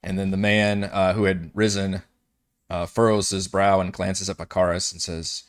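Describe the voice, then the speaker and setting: A man narrating a tabletop game as game master over a voice call, describing scenes slowly with many fillers. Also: low voice, little pitch movement. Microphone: headset or desk mic on a voice call.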